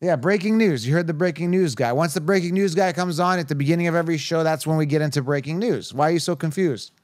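Energetic male sports podcast host, slightly high voice, dry close sound. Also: fast talker, no room sound. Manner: energetic, hyped-up, playful. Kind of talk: casual sports chat.

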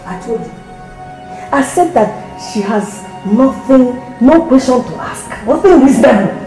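An actress playing a meddling, sharp-tongued woman who mocks scornfully. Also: a little high, lively intonation, unhurried. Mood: mocking. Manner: mocking, sharp. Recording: echoey room with music.

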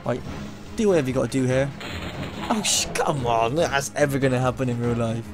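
A young man commentating a game he is playing, excitable and mocking, laughing often at what he sees. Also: mid-range voice, brisk. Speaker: gaming YouTuber. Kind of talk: let's play commentary. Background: game music.

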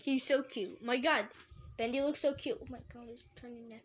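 A young woman or girl excitedly reacting to cartoon fan art in a casual, gushing way, full of exclamations and slang. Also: a little high, moderate pace.

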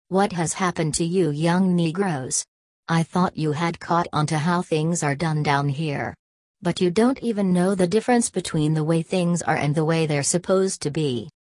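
A woman's voice: sits low, normal speed, a little mellow, no echo. A woman voicing an imperious older male college president who lectures with contempt and domineers. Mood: scornful.

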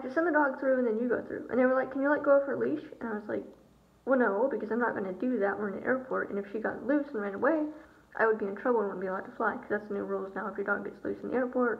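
A young woman telling a casual vlog story, chatty, with many fillers and acted-out quotes. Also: fairly high pitch. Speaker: vlogger. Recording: dull lo-fi sound with audible background hiss.

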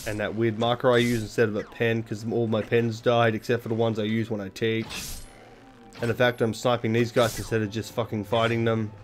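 A man's voice: fairly low pitch, little pitch movement, a little fast. Rambling man, sweary gameplay commentary. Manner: rambling, self-deprecating, sweary. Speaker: let's play commentator.

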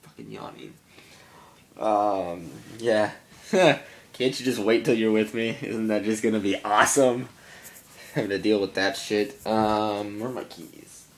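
Freshly awake in his room at home, a young vlogger rambles and curses through a casual video message for his girlfriend. His lowish voice moves unhurriedly, and the room sounds echoey.

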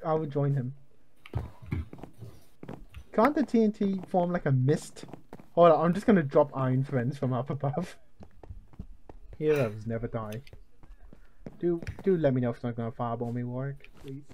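A man playing a video game with friends, talking in an excitable, joking way and yelping when things go wrong. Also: medium pitch, moderate pace, pauses often, slight background noise. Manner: excitable, jokey, yelps when plans go wrong. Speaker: gamer. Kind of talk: casual gaming chat.

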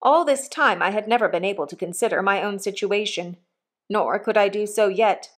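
A woman narrates a classic novel in a measured, even way. Her voice sits at a middle pitch for a woman. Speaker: audiobook narrator. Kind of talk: scripted narration.

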